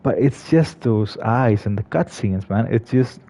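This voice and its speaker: A man's voice: on the low side, expressive, measured pace, mellow. A man giving casual commentary on a game, hesitant, with many fillers and restarts. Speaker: gaming video creator. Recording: slightly dull lo-fi recording.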